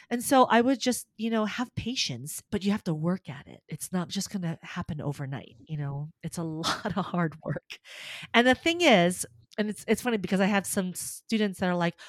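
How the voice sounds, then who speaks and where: A woman's voice: lowish voice, moderate pace, dry recording, clean studio sound. A middle-aged woman, a soprano and voice teacher, chatting in an interview and telling stories with acted-out quotes and frequent laughter. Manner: animated storytelling, acts out quotes, laughs often. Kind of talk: casual interview chat.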